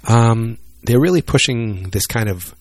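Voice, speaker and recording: A man's voice: mid-range voice, unhurried, dry recording. A man chatting casually and rambling on his own about upcoming wrestling matches, joking and poking fun at himself. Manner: rambling, joking, self-deprecating. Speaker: solo wrestling vlogger.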